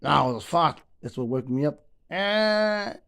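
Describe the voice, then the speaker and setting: A man's voice: fairly high pitch, animated, measured pace, vocal fry, fairly bright tone. Laid-back New man spinning yarns. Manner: laid-back, swears freely, calls people bro. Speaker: storyteller. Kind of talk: casual yarn-telling.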